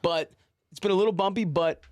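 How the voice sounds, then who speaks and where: A man's voice: high voice, fairly quick, a little mellow, dry recording. Rambling, laughing man with dry sound. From Baltimore, USA. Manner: rambling, laughs often, trails off mid-sentence. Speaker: comedian guest. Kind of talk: casual podcast chat.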